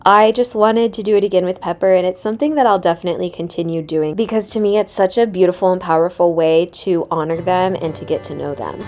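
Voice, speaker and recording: Young female vlog host, mid-pitched, tender and gushing voiceover over light music. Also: darkish tone. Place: voiceover recorded separately from footage.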